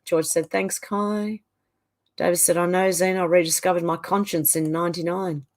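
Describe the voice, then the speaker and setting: A woman's voice: lowish voice, fairly even intonation, moderate pace. Middle-aged aussie woman reading out her live chat, chatty, trails off and restarts a lot. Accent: Australian. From Australia. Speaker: livestream host.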